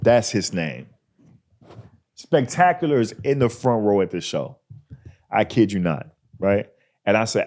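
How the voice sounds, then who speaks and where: A man hosting a podcast, telling a story in a casual, animated way and acting out the people in it. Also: fairly low pitch, moderate pace. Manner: animated, acts out people in his stories. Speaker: podcast host.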